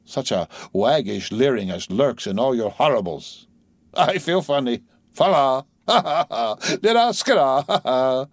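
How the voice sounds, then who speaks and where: A man's voice: mid-range voice, animated, a little slow, dry recording, pitched above the performer's own voice. Guy doing a tipsy merry sailor, sing-songy and giddy, dry close audio. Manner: giddy, sing-song, laughing. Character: merry tipsy male sailor, jolly and rowdy.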